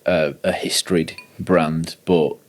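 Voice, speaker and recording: A man's voice: extremely low pitch, fairly even intonation, takes it slowly. A man hosting a podcast, chatty and casual, swearing freely and using slang. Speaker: podcast host. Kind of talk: casual interview chat.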